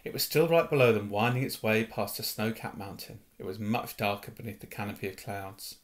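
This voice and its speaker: A man reading a novel aloud in an expressive storytelling manner. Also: on the low side, fairly quick. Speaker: reader. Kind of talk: audiobook narration of a novel.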